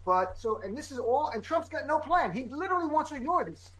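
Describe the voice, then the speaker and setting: A man co-hosting a political talk show as a comedian, talking in emphatic, heated bursts and rapid-fire lists. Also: extremely high pitch, big pitch swings, fairly bright tone, low-quality recording. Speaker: comedian and co-host. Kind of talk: political commentary chat.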